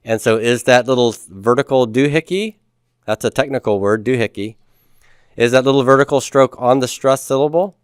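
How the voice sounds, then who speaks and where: A male teacher talking a class through Hebrew grammar, patient and plain, with the odd dry joke. His voice is smooth and resonant. The sound is dry and close, with no room echo. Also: mid-range voice, normal speed. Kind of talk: classroom lecture.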